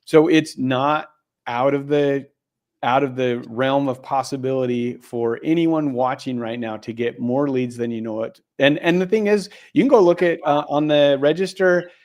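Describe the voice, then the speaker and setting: A man co-hosting a live stream, talking in a casual, upbeat way. His voice sits at an ordinary middle pitch, and he often restarts his sentences as he rambles along. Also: moderate pace, a little mellow. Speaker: co-host, YouTube coach.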